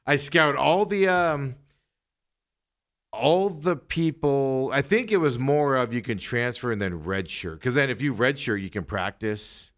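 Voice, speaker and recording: A man hosting a loose sports-talk show, with lively swings in his voice and a rambling delivery. He drifts and trails off between thoughts, at a mid-level pitch. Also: measured pace. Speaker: podcast host.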